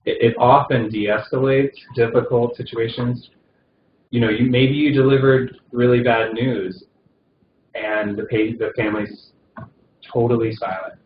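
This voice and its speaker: A man's voice: mid-range voice, steady tone, measured pace. A man teaching a recorded session on palliative care, talking conversationally with many fillers and restarts. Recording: dull roomy recording with faint noise.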